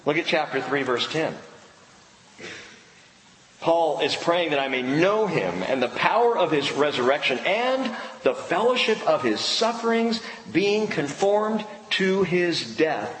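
A man's voice: fairly high pitch, sing-song, a bit bright, a little hiss or hum. Man preaching in an echoey church. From United States. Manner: emphatic, with dramatic pauses on key words. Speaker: pastor. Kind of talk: sermon. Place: church sanctuary. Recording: echoey hall with long reverb.

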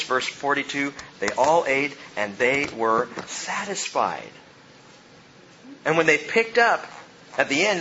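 A man preaching a sermon as pastor, animated and joking, acting out the people in the story. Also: mid-range voice, highs cut off, slight background noise.

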